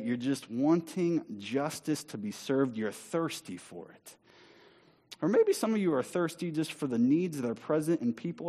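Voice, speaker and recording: A man preaching a sermon in a church, speaking emphatically and slowing down to stress key words. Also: fairly high pitch. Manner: emphatic, rising to near-shouting on scripture. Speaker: pastor. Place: church sanctuary.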